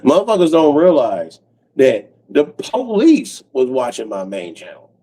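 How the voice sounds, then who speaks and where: A man's voice: mid-range voice, huge pitch swings, unhurried, warm tone, rough recording. A man talking to his viewers in a loose, profane, rambling late-night livestream chat, laughing often.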